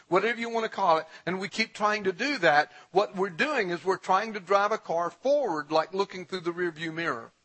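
In a low-quality recording, a pastor with a high, husky voice preaches a sermon. He reads from scripture, addresses the congregation directly, and rises to a shout when urging them on.

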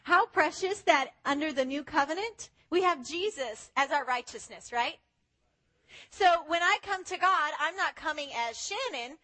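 High, bright-voiced woman preaching. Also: measured pace. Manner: animated, acts out quoted voices. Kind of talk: sermon.

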